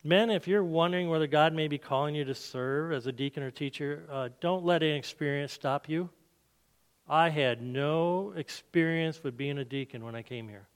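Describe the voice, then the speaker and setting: A man's voice: moderate pace, clean tone. Earnest man preaching in a reverberant church. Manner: earnest, dropping soft and low in prayer. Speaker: church speaker giving a testimony. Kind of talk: sermon testimony and led prayer.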